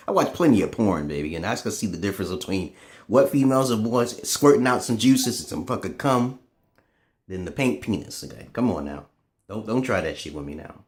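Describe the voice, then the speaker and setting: A man in a casual, profane ranting monologue to camera, swinging between loud outbursts and low muttering. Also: expressive, normal speed. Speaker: vlogger.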